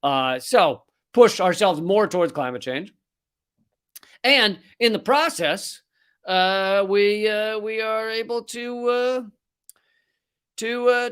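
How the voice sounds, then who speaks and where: A man's voice: high voice, a little slow, fairly bright tone, clean tone. A man hosting a comedic political rant, sarcastic and profane. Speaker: host.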